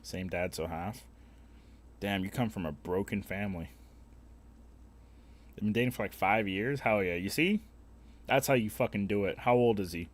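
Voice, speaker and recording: A man's voice: fairly low pitch, normal speed, pauses often, slight background noise. A young man streaming a game, chatting casually with viewers in a rambling, profane, opinionated way. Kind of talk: casual live-stream chat while gaming.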